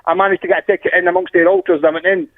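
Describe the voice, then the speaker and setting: A man's voice: sits high, little pitch movement, very fast, no room sound. Rambling Glaswegian man on a tinny line. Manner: rambling, restarts, laughs through stories. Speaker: guest fan. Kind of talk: casual chat, storytelling.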